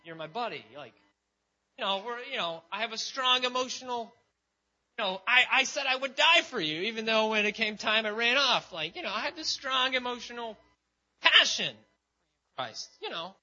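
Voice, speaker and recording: A man's voice: very high voice, animated, moderate pace, bright, forceful tone, voice pushed up, exaggerated voice. A preacher doing a gushing, fumbling grown man. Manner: stammering, gushing with "you know"s. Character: eager, fumbling adult man pleading friendship. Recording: dull lo-fi sound.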